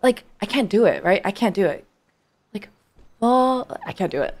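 A woman streamer reacting casually to a song, effusive and excitable and swearing freely. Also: medium pitch, normal speed, over music.

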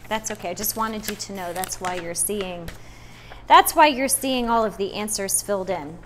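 A woman's voice: medium pitch, a bit bright, a little hiss or hum. A woman teaching a first-grade phonics lesson, switching between English and Spanish and stretching out vowel sounds. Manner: repeats each step in English then Spanish, stretches words slowly; emphatic "no" and drawn-out vowel sounds.

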